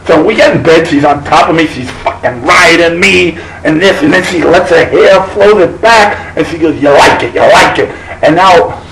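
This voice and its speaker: A man's voice: high-pitched, echoey room, background noise. A middle-aged man telling a crude, profane story as a stand-up comedian, laughing at his own jokes. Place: live stage.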